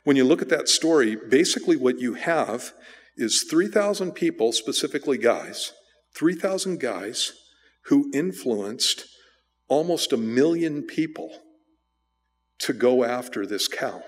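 A man's voice: mid-range voice, expressive, unhurried. A man, a pastor, giving a casual, conversational sermon full of restarts and asides. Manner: casual, rambling with restarts and fillers. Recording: church hall with long reverb.

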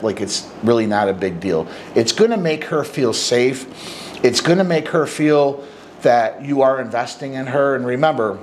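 Talking directly into the camera, a middle-aged man who coaches men on dating delivers blunt, forceful advice and plays out short snippets of dialogue. The voice is mid-range, and the audio is poor with a little background noise.

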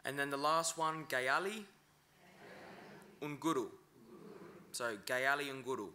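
A man's voice: medium pitch, bright, forceful tone, slight background noise. A man teaching pronunciation at a conference, breaking each word into syllables. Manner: slow, breaks words into syllables. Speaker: language teacher.

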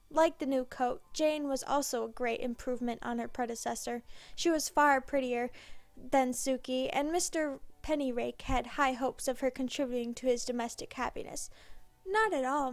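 High-voiced woman narrating a storybook. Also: dry recording. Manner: expressive storybook reading. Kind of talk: scripted narration. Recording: dry close mic with background music.

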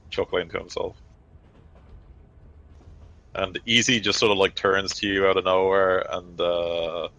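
A man's voice: low voice, sharp tone, rough recording. A man acting as game master, narrating a tabletop game in loose, rambling sentences full of fillers.

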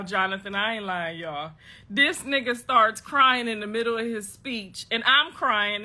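Bright-voiced woman telling a story. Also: a little high. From Ohio, United States. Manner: animated, profane, laughs often. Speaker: vlogger. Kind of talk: casual storytelling.

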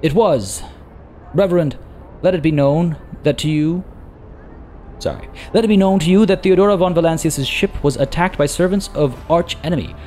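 A man's voice: a little high, normal speed, mellow, voice pushed up, natural voice. A fierce, zealous warrior sister, put on by a man, in a voice raised well above his usual one. Her delivery is intense and formal, with faint game music behind.

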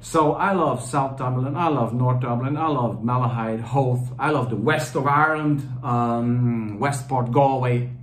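A man's voice: mid-range voice, measured pace, few pauses. A man casually reviewing a fragrance on video, rambling and chatty with lots of fillers and restarts. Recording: roomy echo.

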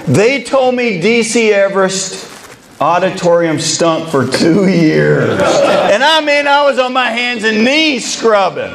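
A middle-aged man, a baseball coach, giving a motivational keynote and telling an animated, comic story with quoted dialogue. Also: sits high, slow, gravelly, crowd noise.

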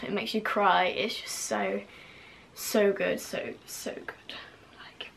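A woman's voice: on the high side, fairly bright tone. A young woman vlogging casually to camera, gushing and full of fillers, now and then dropping to a whisper.

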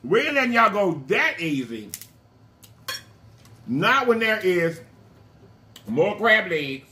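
A man's voice: high-pitched, big pitch swings, sharp tone. A man hosting an eating vlog, talking playfully to his viewers between bites. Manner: playful, addresses viewers as y'all, food-filled pauses. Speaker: mukbang vlogger. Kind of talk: casual chat while eating on camera.

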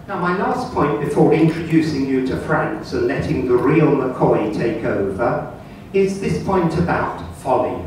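Male club speaker, earnest lecturer, higher voice, distant and echoey. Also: a little mellow, slight background noise. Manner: earnest and lecturing, polls the audience with questions. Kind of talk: public talk to an audience. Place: club meeting room with audience. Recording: echoey room, far from mic.

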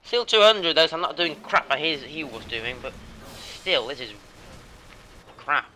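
A man's voice: on the high side, big pitch swings, measured pace, bright, forceful tone, a little hiss or hum. A teenage boy commenting on his own gameplay, screaming and raging at the game. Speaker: gaming channel host. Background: faint background music.

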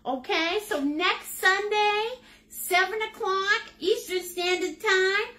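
A woman's voice: very high-pitched, slow, bright, forceful tone. A woman with a Maine accent, teaching a live painting lesson in a chatty, jokey, upbeat way. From United States. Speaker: painting instructor.

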